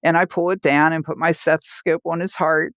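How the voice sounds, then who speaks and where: A woman's voice: deep voice, flat delivery, a little fast, dry recording. A woman, a hospice nurse, telling her own stories in a podcast interview, laughing as she goes and acting out what people said. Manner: vivid storyteller who laughs while telling and acts out the people she quotes. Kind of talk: personal storytelling in a podcast interview.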